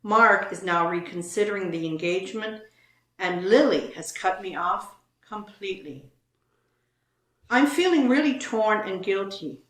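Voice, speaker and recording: A woman's voice: mid-range voice, animated, measured pace, roomy sound. A woman co-hosting a casual show, reading online posts aloud and commenting on them.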